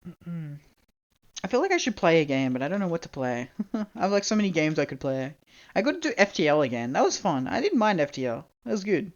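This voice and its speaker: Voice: medium pitch, sing-song, brisk, muffled recording. A young adult Australian live streamer chatting casually and rambling, laughing often and swearing freely.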